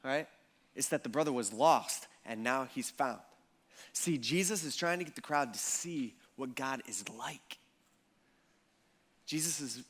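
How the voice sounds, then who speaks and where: A pastor preaching a sermon in a casual, conversational way, often checking in with the congregation and acting out the people in the story. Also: male voice, mid-range voice. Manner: animated, acts out the people in the story.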